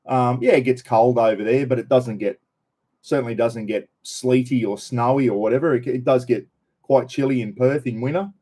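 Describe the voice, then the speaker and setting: Older Aussie bloke hosting a chatty live stream, mellow voice. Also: male voice, medium pitch, moderate pace, husky. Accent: Australian. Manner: chatty, greets viewers by name. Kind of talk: casual live-stream chat.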